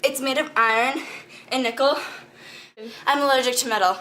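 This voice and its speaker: Teen girl, bright sharp tone, fairly high pitch, dramatic and complaining, lots of "like". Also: fairly even intonation, normal speed, slight background noise. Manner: dramatic, complaining, filler "like" talk. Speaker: student explorer in a school skit. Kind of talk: amateur skit, casual chat.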